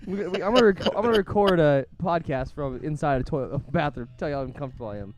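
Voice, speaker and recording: Man from Iowa, podcast co-host, fairly high voice, giggly, rambling. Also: animated, rapid-fire. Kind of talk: casual comedic chat. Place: bar.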